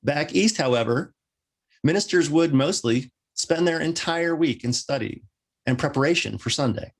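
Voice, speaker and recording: Gravelly-voiced male minister preaching. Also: fairly high pitch, animated, moderate pace. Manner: wry, joking asides. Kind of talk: sermon.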